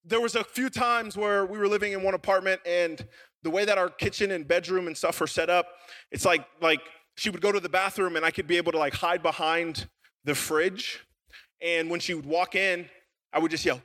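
Animated, high, bright-voiced young preacher man. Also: a little fast. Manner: animated and joking, with many fillers like "like". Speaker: youth pastor. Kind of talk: casual storytelling sermon.

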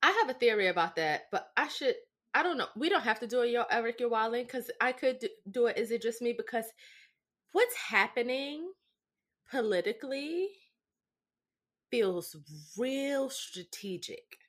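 A young adult woman co-hosting a podcast, telling stories in a lively, profane, casual way and often asking "right?". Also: a little high, moderate pace. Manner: animated, profane storytelling with lots of "right?". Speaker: podcast co-host. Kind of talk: casual chat.

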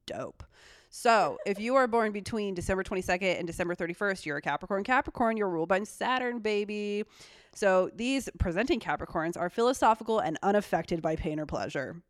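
A woman's voice: medium pitch, fairly quick, no echo, studio quality. A woman co-hosting a podcast, reading horoscope traits aloud with blunt, sarcastic, swearing asides. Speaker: podcast co-host.

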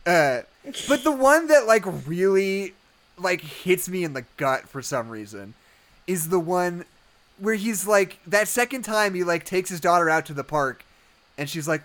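A man's voice: sits high, expressive, normal speed, fairly bright tone. A man in casual film discussion, rambling with many fillers and acting out quotes from the movie. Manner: rambling, heavy use of "like", acts out quotes. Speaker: podcast co-host.

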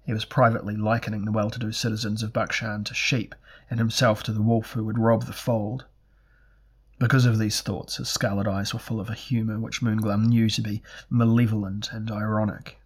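Husky low-voiced male audiobook narrator. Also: level tone. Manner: measured, deliberate reading.

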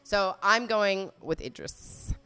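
A woman's voice: medium pitch, animated, slow, bright, forceful tone, clean tone. A woman giving casual, blunt and profane commentary, laughing often as she reacts to a video.

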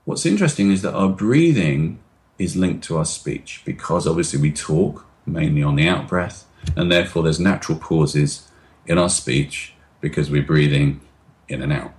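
Deep low voiced middle-aged guy on a video call, guest expert explaining stuff, slows his talk down on purpose. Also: a little mellow. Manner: demonstrative, acts out anxious voices and slows down on purpose.

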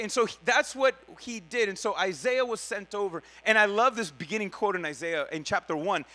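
A man with a high, bright voice teaching from the Bible like he's chatting with friends. His talk is slangy and loose, full of asides and quick self-corrections. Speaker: preacher.

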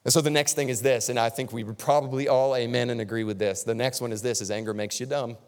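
A man's voice: mid-range voice, steady tone, fast talker, a little mellow. A male pastor preaching a sermon in a conversational, emphatic way, repeating key lines for stress. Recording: long reverb of a large hall.

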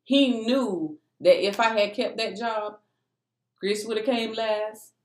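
A woman's voice: fairly high pitch, slow. A woman telling a personal faith testimony in a casual, emphatic storytelling manner, often calling out to her listeners. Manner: animated, emphatic, addresses listeners as "y'all". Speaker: testimony speaker. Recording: echoey room.

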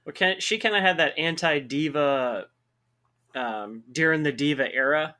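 A man's voice: fairly high pitch, a little slow, pushed and bright. A man co-hosting a podcast, chatting casually, laughing often and reacting with disbelief. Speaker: podcast co-host. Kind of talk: casual chat.

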